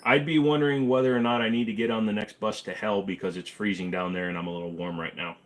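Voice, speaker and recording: A man's voice: fairly low pitch, fairly even intonation, quick pace. A man hosting a casual livestream, reading chat questions aloud and answering with offhand jokes, humming and scatting to himself between answers. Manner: joking, offhand, hums and scats to himself. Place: home room with guns on the wall behind him.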